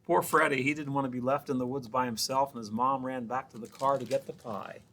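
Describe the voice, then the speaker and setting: A man's voice: medium pitch, steady tone, brisk, a bit bright. A man who is a children's librarian, reading a picture book aloud with chatty asides to the children.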